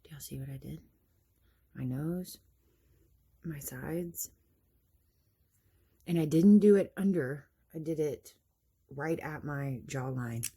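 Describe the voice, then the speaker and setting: A woman's voice: sits low, a little slow, dark tone, husky. A woman chatting casually through a makeup tutorial, explaining each step and laughing at herself now and then. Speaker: makeup vlogger.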